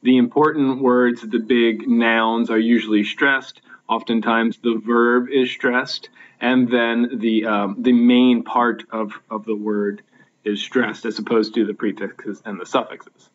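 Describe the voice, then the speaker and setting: A man's voice: medium pitch, flat delivery, takes it slowly. Man teaching with frequent "uh"s, dull laptop audio. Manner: patient, explanatory, frequent fillers and restarts. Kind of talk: recorded slideshow lecture. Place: home, with a laptop.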